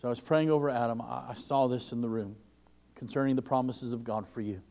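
A man preaching a sermon to a congregation, fervent, and his voice rises loud when he quotes others. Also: medium pitch, fairly even intonation, quick pace, vocal fry.

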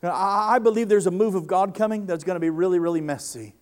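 A man's voice: high voice, fast. A man preaching a sermon to a congregation, impassioned, often doubling the first word of a sentence as he builds. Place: church service before a congregation.

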